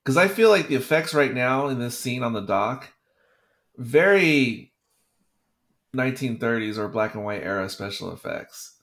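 Gravelly male co-host, loose rambling film-commentary delivery. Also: mid-range voice, animated, moderate pace, a bit bright. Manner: rambling, self-interrupting. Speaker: podcast co-host. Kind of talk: casual movie commentary.

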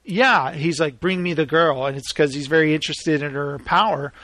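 High-voiced excited man, dry close sound. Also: normal speed, dry recording. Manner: animated, acts out scenes with sudden shouts. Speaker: podcast co-host discussing a film. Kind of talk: excited casual chat.

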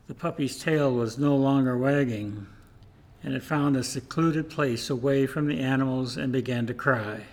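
A man preaching a sermon, telling a story in a measured, rhythmic way. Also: a little high. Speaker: pastor.

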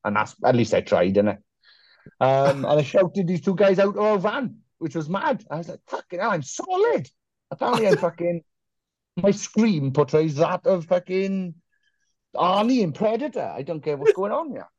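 A man's voice: high voice, big pitch swings, normal speed, a little mellow, no echo, lo-fi sound. A man from Wales, a band singer, telling rambling, sweary anecdotes as a guest in a casual podcast chat. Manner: swears freely, rambling anecdotes with mock quotes.

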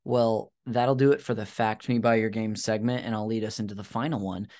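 A man's voice: fairly low pitch, steady tone, brisk, darkish tone. A man hosting a casual podcast, sharing facts in a rambling, hesitant way with many fillers and self-deprecating asides. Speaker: podcast host.

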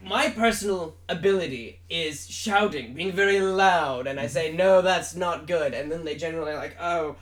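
A man plays a grandiose male rock singer convinced he is a god, booming and theatrical in a put-on British accent. The voice sits a little high for a man and rolls out every line with lofty self-importance. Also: moderate pace, hardly any pauses, a bit bright, natural voice. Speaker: mock interview guest. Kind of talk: improvised comedy interview.

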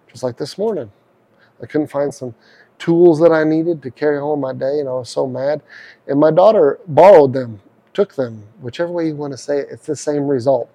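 Gravelly middle-aged radio preacher. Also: male voice, mid-range voice, mellow. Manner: earnest, conversational, acts out prayers aloud. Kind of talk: radio sermon.

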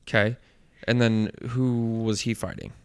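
A man's voice: on the low side, level tone, slow, clear, resonant tone. A man in casual chat, curious and blunt, asking many questions and reading out results.

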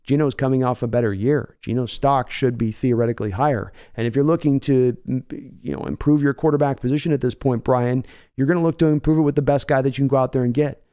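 Male stream host, mid-range voice, smooth and clear, chatty with viewers. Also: mid-range voice, steady tone, fast, warm tone. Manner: chatty, answers viewers by name. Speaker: sports podcast host reading chat. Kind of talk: casual live-stream chat.

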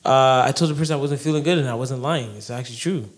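A man co-hosting a podcast in casual chat, playful and loud when he protests. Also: mid-range voice, fast. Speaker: podcast co-host.

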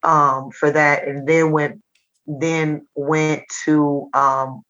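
A woman's voice: low voice, extremely slow, muffled recording. A woman who does comedy and teaches, chatting as a podcast guest and acting out the people in her stories. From Nashville. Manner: animated storyteller who acts out quotes. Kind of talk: casual interview chat.

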